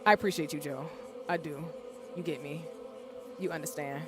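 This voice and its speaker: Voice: mid-range voice, normal speed, over music. A streamer from the Southern United States who chats casually with their viewers while playing a game. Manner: chatty, animated, addresses chat. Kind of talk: casual gameplay commentary.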